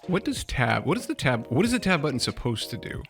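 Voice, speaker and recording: A man's voice: medium pitch, big pitch swings, a little fast, vocal fry, soft background music. A man co-hosting a live game stream, chatting casually and technically while joking. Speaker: streamer co-host.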